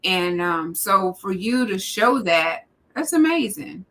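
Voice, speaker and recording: A woman hosting a casual conversation, expressive and quick to laugh. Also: mid-range voice. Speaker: podcast host. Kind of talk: casual chat.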